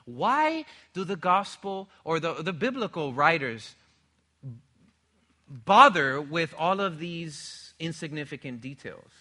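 Bright-voiced, emphatic male preacher. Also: fairly high pitch, very animated, slow. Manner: emphatic, rhetorical questions to the congregation. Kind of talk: sermon.

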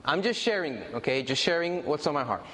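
A man's voice: a little high, lively intonation, a little fast, fairly bright tone, long reverb tail. A man preaching a sermon in a conversational way, repeating and stressing his points to the congregation.

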